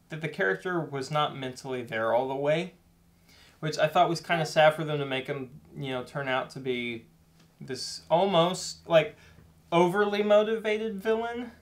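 A man's voice: a little high, animated, a little slow. A young man co-hosting a casual movie review chat, earnest and rambling as he works through his points. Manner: earnest, rambling with many fillers and restarts. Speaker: co-host of a movie review show.

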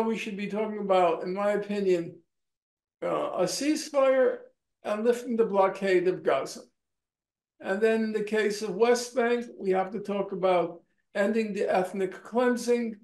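Older man, interview guest, emphatic, rhetorical questions, lots of uh and restarts, high voice. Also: a little mellow. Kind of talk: argumentative interview answer. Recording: echoey room.

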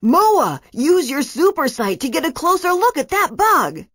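An eager young superhero calls out with cheeky confidence, as a woman voices him. His voice sits high with lively swings in pitch. The sound is dry and close. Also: a little slow, no room sound, exaggerated voice. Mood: heroic. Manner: eager, heroic. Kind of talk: storybook reading.

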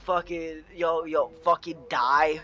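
A man voicing an angry, traumatized little cockroach that rants and pleads in a shrill, frantic way. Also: steady tone, slow, bright, forceful tone, dull audio. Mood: panicked pleading. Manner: shrill, frantic, profane ranting. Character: angry traumatized cockroach, small, jittery, ranting.

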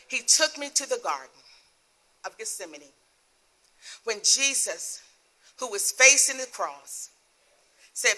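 A middle-aged woman, a guest minister, telling an emotional personal testimony in a sermon with soft laughs. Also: a little high, sing-song, takes it slowly, long pauses.

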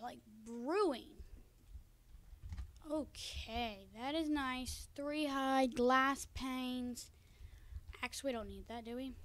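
A woman with a high voice chats excitedly to her viewers as she plays a game. She talks casually from a room at home, recorded on a cheap desk microphone. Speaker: gaming video creator. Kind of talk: casual Let's Play commentary.

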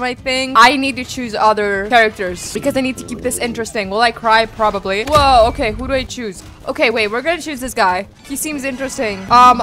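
A woman's voice: on the high side, a bit bright. A woman giving casual gameplay commentary, self-deprecating and giggly, often breaking into squeals and laughter. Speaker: gaming YouTuber.

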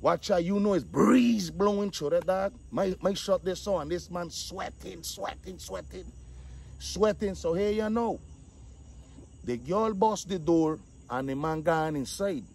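High-voiced man telling a street story. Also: measured pace, vocal fry, slight background noise. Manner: animated, acts out quotes, repeats 'dog'. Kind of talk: casual storytelling.

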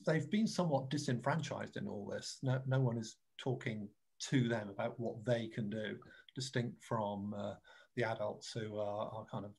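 Gravelly British man presenting a webinar. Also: on the low side, moderate pace, a little mellow. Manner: earnest, repeats words while explaining. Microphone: video call.

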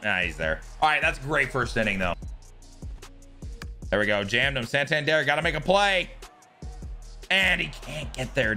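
A young man giving excited commentary over his own baseball video game, swinging between shouts and groans. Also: mid-range voice. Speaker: gaming YouTuber.

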